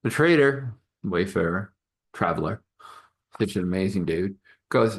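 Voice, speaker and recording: Low-voiced man telling a rambling story. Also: animated, a little slow, pauses often, husky. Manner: rambling, loose and conversational with fillers. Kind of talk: improvised spoken storytelling.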